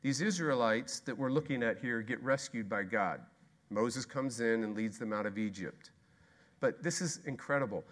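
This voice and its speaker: A man preaching a sermon as pastor, emphatic and repetitive, swinging between loud exclamation and hushed intensity. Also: mid-range voice, normal speed. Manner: repetitive rhetorical questions.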